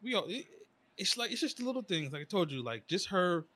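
A man in casual chat about his daughter, relaxed and slangy. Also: sits high, a little fast, a little hiss or hum. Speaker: podcast co-host, father.

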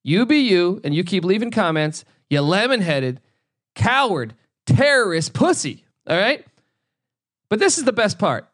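A man hosting a solo sports podcast from home, ranting with heavy cursing, excitable bursts and a habit of repeating his own phrases. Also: high-pitched, unhurried, no echo, clean studio sound. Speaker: podcast host.

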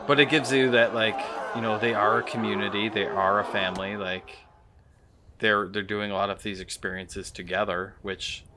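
A man co-hosting a casual film podcast, laid-back and full of fillers, often trailing off quietly. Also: lowish voice, fairly even intonation, moderate pace, background noise. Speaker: podcast co-host. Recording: loud background music. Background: loud music.

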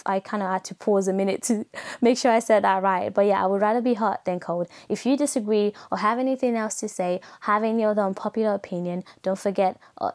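A young woman from Nigeria talks through her opinions on her solo podcast. She rambles casually, leaning on fillers and correcting herself as she goes, at a middle pitch. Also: darkish tone. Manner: chatty, rambling, full of "like" and self-corrections. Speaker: podcast host.

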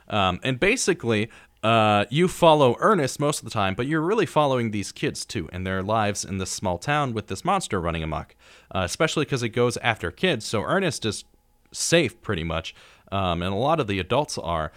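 A young male radio host with a lowish voice tells movie stories in a loose, rambling way, filling gaps with ums. His voice is dry and close, recorded in a studio. He briefly acts out characters' lines as he goes. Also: no room sound. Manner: relaxed storyteller, acting out scenes with many ums. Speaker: radio talk show host. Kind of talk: casual chat about horror movies.

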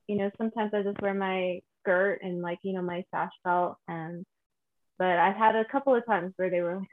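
A woman from northern New Mexico chatting casually, rambling with many restarts and lively quoting. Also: medium pitch, normal speed. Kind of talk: casual conversation. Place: home in Santa Fe. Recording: phone-like video call audio.

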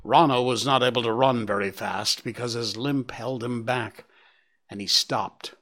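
A man narrating a story aloud in an expressive audiobook style. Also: medium pitch, unhurried.

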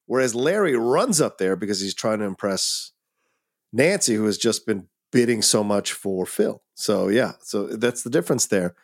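A man's voice: lowish voice, expressive, moderate pace. A male podcast co-host in casual film discussion, thinking aloud and reflecting on characters.

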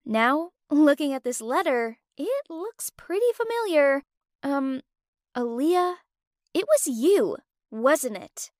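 A woman's voice: sits high, big pitch swings, slow, dry recording, studio quality, heavily acted. A woman playing a hesitant, earnest young model.

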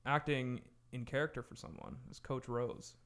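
A man's voice: mid-range voice, steady tone, moderate pace, a bit bright, smooth. A man hosting a podcast in casual chat, goofy and jokey, laughing often. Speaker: podcast host.

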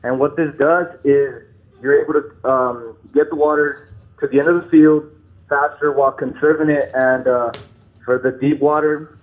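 A nervous, shaky man calling into a show, talking haltingly, apologizing and restarting his sentences. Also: fairly high pitch, fairly even intonation. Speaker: caller. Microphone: phone. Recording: tinny phone line.

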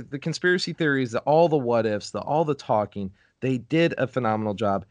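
A man's voice: on the low side, no echo. A man co-hosting a podcast in casual chat, rambling, laughing often and wandering off on tangents. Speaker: podcast co-host.

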